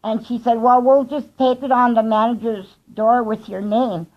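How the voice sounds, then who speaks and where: A woman telling a personal story in a heartfelt vlog, slow and earnest, with soft laughs between thoughts. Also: on the high side, steady tone, muffled recording. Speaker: vlogger.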